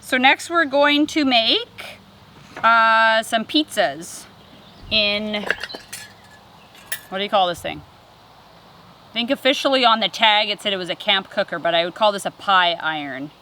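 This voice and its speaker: A woman's voice: medium pitch, a little slow, long pauses, sharp tone, slight background noise. A woman hosting a family vlog, chatting casually as she cooks treats over a campfire outdoors. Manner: chatty, explains steps while cooking. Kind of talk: casual cooking demonstration.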